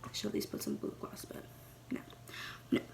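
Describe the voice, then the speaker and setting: A woman's voice: brisk, darkish tone, a little hiss or hum. A young woman vlogging at home, chatting casually and rambling with lots of cursing while doing her makeup. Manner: chatty, profane, rambling and playful.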